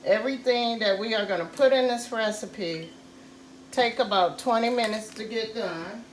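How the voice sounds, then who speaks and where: A woman hosting a casual home cooking tutorial, talking slowly and repeating "guys" to her viewers. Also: fairly high pitch, reverberant, a little hiss or hum. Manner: slow, repetitive, says "guys" often. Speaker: cooking channel host.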